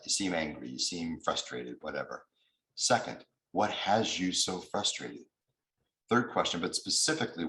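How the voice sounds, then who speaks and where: A man's voice: low voice, fairly bright tone, roomy sound, rough recording. A man giving a mediation training lecture over a video call, explaining step by step and now and then acting out angry voices.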